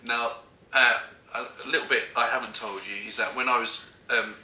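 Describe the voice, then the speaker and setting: A man's voice: medium pitch, steady tone, moderate pace, pushed and bright. Giggly man telling a story. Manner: giggly, keeps breaking into laughter. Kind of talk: casual comic storytelling. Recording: echoey room.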